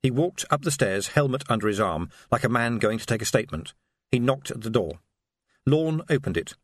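A man narrating an audiobook with a lively, expressive reading. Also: medium pitch, brisk, no room sound.

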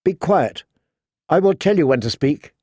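A woman's voice: sits low, expressive, normal speed, mellow, slightly rough, no room sound, clean studio sound. A man voicing a stern, proud young queen with a firm, commanding delivery.

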